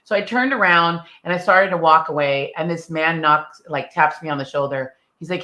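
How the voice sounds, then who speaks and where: A middle-aged woman, an interview guest, telling her story in a bold, lively way and acting out the dialogue. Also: sits low, moderate pace, few pauses. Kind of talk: casual storytelling.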